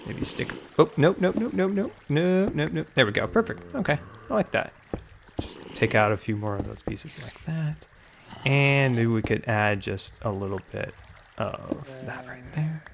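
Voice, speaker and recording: Brief: young adult man, gravelly, mid-pitched, laid-back, thinks aloud while building in a game, repeats himself, slightly winded. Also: expressive, a little slow, noisy background. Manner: chatty, musing aloud, repeats phrases, chuckles. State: a little out of breath. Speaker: Minecraft YouTuber. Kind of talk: casual gameplay tutorial commentary.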